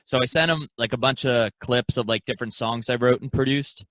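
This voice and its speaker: Young male co-host, bright tone, dry close sound, easygoing and rambling. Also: mid-range voice, steady tone, a little fast, no echo. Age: young adult. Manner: rambling and laid-back, with lots of filler and laughs. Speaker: podcast co-host. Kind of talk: casual chat.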